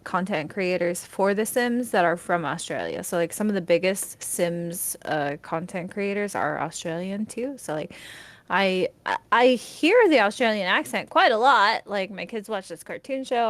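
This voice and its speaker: A woman chatting casually on a talk show, animated, laughing and swearing casually. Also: medium pitch, moderate pace. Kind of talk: casual chat.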